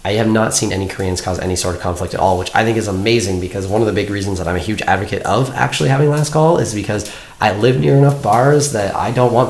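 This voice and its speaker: A young man from Canada chatting casually as a vlogger in his apartment, laid-back and full of "like". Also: fairly low pitch. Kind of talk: casual chat. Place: apartment room. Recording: echoey room, faint noise.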